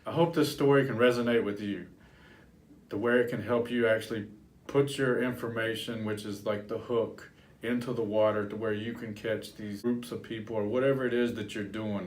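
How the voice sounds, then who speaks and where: A man working as a life coach, telling a personal story to camera in a lively, animated way. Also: fairly low pitch, normal speed. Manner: animated storyteller, acts out his childhood voice.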